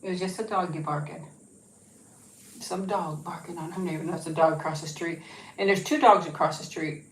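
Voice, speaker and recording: Woman, home livestream host, lowish voice, rambly casual chat, echoey room. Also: fairly even intonation, normal speed. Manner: chatty, rambling, coaxing her dog in a sing-song voice. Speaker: YouTube channel host.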